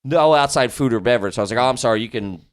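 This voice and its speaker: A man's voice: medium pitch, racing, smooth. A man co-hosting a podcast, telling a rambling story full of swearing and quoted back-and-forth. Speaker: podcast co-host. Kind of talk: casual storytelling chat.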